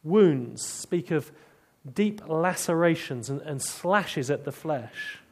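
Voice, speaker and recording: A man preaching a sermon, telling stories and dropping to hushed tones to drive points home. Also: fairly high pitch, expressive, slow pace.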